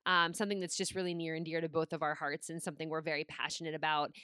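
A woman's voice: low-pitched, level tone, quick pace, bright, forceful tone, clear, resonant tone, no room sound, studio quality. A young woman hosting a podcast in casual chat, enthusiastic and gushing, with a lot of "like". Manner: enthusiastic, gushing, heavy use of "like". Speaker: podcast host and personal trainer.

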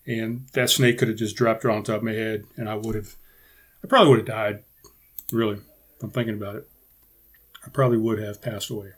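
A man's voice: lowish voice, steady tone, fairly quick, long pauses, breathy edge. A man hosting his own podcast in a casual solo chat, rambling and swearing freely into a podcast microphone. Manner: rambling and profane, with many restarts. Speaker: podcast host.

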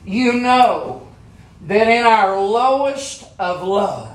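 A man's voice: sits high, expressive, extremely slow. A man preaching a sermon in a fervent, repetitive cadence.

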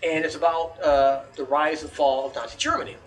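A man's voice: fairly high pitch, fairly even intonation, a little fast, a bit bright. A man hosting a casual podcast chat, ranting animatedly and swearing a lot.

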